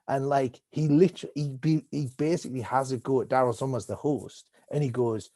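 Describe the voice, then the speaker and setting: Man, comedian guest, mellow dark tone, rambling, animated, video call. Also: medium pitch, a little fast, hardly any pauses, no echo. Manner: rambling, animated storyteller acting out voices. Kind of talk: casual conversation.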